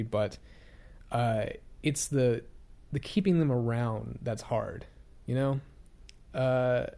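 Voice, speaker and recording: Young man, warm mellow tone, rambling casual vlog, lots of ums and restarts, self-critical. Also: medium pitch. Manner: rambling, hesitant, many fillers and restarts. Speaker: YouTuber. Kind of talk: casual reflective vlog monologue.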